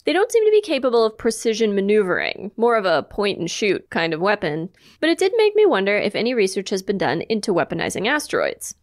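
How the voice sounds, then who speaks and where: A woman's voice: mid-range voice, huge pitch swings, fast, few pauses. A woman co-hosting a podcast, chatting casually and explaining facts she has researched. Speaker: podcast co-host. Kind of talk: casual chat.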